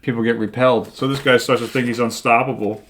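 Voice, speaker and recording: A man's voice: medium pitch, steady tone, fast talker, fairly bright tone. A man co-hosting a show, retelling comic book plots in a rambling, casual way that is full of "like" and "right?". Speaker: co-host.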